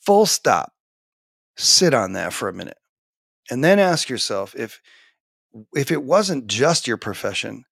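In a laid-back podcast interview recorded in his home office, a teacher and author in his forties speaks animatedly, full of fillers and restarts. His gravelly voice sits at medium pitch with a fairly bright tone, and the clean studio sound carries no room reverb.

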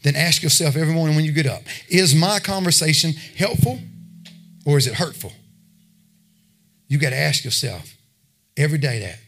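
A man's voice: fairly high pitch, animated, normal speed, creaky, pauses often, fairly bright tone. A man preaching a sermon, talking plainly with his listeners and building to emphatic exhortation. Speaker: pastor.

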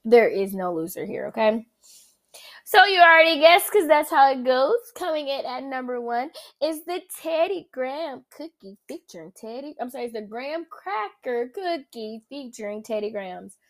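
A woman's voice: sits high, moderate pace, hardly any pauses. A woman with a Southern accent hosting a casual solo food-review podcast, chatty and full of "like" and "um," humming as she tastes. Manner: chatty, many fillers and likes; animated, savoring with hums. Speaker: podcast host.

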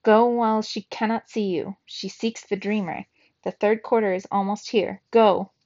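A woman's voice: mid-range voice, fairly even intonation, moderate pace, a little mellow, no room sound, dull audio, natural voice. A woman voicing an old grandmother in a trance who speaks in a hollow, commanding way, read aloud from a storybook.

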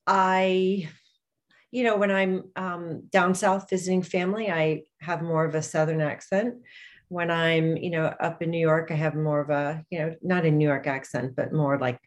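Low-voiced woman author chatting. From grew up in London. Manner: chatty, laughs often, trails off with fillers. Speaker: author guest. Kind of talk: casual interview chat.

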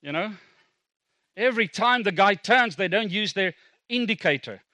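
A man's voice: sits high, lively intonation, moderate pace, sharp tone, no echo. A middle-aged South African man, a native Afrikaans speaker, preaching a sermon as a pastor in a conversational, self-deprecating way with asides to the congregation.

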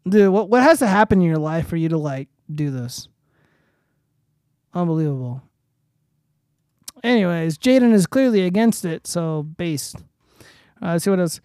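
A man's voice: a little high, lively intonation, moderate pace, long pauses, a little mellow, clear, resonant tone, dry recording, clean studio sound. A young man hosting a casual livestream, reading posts aloud and swearing freely in loose, rambling commentary. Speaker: streamer host.

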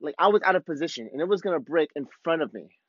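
Man, fairly high voice, podcast host, laid-back surfer slang, dry slightly dull recording. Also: expressive, fast talker, dry recording. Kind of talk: casual storytelling monologue.

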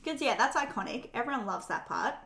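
A woman's voice: a little high, lively intonation, brisk, vocal fry, fairly bright tone. A woman co-hosting in casual, chatty recap talk, laughing often and acting out quotes. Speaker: podcast co-host. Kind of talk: casual chat recapping a film. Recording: echoey room.

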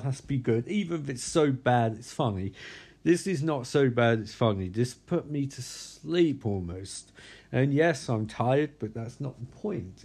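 A man's voice: mid-range voice, a little mellow, breathy edge. A tired man reviewing a movie in a casual vlog, rambling and blunt, swearing freely.

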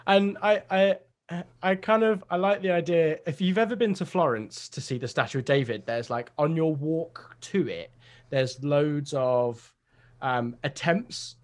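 A man's voice: on the high side, measured pace. A young man chatting casually over a video call, rambling through a comedy idea with lots of fillers.

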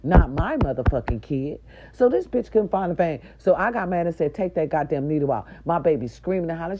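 A middle-aged woman, a nurse aide, telling viewers a story in a loud, profane, indignant rant. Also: sits low, lively intonation, a little fast, slight background noise. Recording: dull lo-fi recording.

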